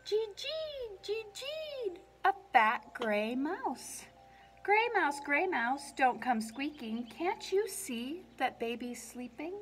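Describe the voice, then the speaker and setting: A woman librarian at children's story time, her voice high and swooping up and down as she reads. She takes it at an unhurried pace, lilting through the lullaby's repeated lines. She breaks in with playful animal noises and friendly questions to her young listeners. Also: big pitch swings, faint music behind. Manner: lilting, sing-song lullaby reading. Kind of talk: reading a picture book aloud at story time.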